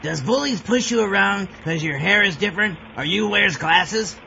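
A man voicing a kindly, gruff cartoon sailor who mangles his grammar in a high, gravelly voice. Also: lively intonation, normal speed, bright, forceful tone, highs cut off, slight background noise, heavily acted. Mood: preachy.

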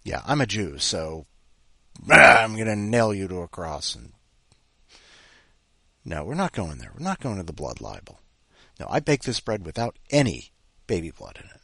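A man hosting a show, telling a rambling personal anecdote in a profane, ranting way, often mimicking other people in high, mocking voices. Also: sing-song, moderate pace, vocal fry, pauses often, pushed and bright, slightly rough, dry recording, studio quality. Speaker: podcast host.

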